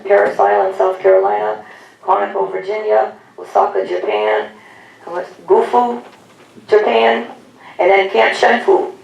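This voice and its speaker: Woman announcer, gravelly edge, reads tributes off a far mic in a roomy hall. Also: mid-range voice, highs cut off. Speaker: announcer reading veterans' service stories. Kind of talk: read-aloud tributes at a public event. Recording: echoey room, distant mic, faint noise.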